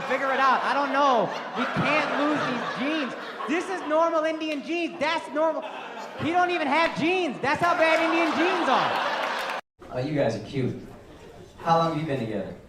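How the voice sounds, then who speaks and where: A man's voice: extremely high pitch, heavy background noise. A man doing crowd-work stand-up, brash and profane, teasing people in the audience from a club stage. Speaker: stand-up comedian. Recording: roomy club sound with loud crowd. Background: loud audience laughter.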